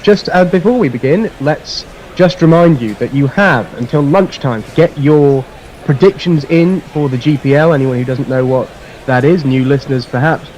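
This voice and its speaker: A man's voice: on the high side, darkish tone, slight background noise, low-quality recording. A man giving chatty live ball-by-ball cricket commentary on a radio stream. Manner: chatty, quick to laugh, mixes play calls with plugs.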